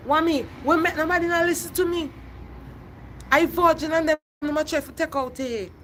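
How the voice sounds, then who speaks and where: A woman's voice: fairly high pitch, fairly bright tone, a little hiss or hum. A middle-aged woman, ranting passionately on a phone livestream and repeating herself. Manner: impassioned, repetitive, addresses viewers by name. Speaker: livestream host.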